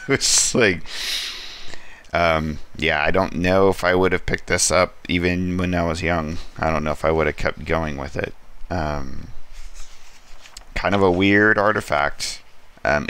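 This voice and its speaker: A man hosting a casual comic book review, rambling through the plot with relaxed asides and frequent ums. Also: low voice, smooth.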